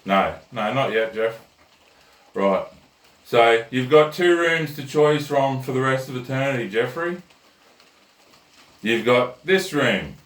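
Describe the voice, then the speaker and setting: A man's voice: medium pitch, lively intonation, takes it slowly, long pauses, a bit bright. A man voicing Satan as a stern, impatient male devil with a curt, exasperated manner. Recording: roomy echo, mic at a distance.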